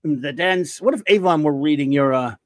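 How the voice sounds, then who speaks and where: A man hosting a podcast in a casual, rambling way, reading out listener reviews and breaking into jokes and bursts of shouting. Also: a little high, normal speed, dry recording. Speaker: podcast host.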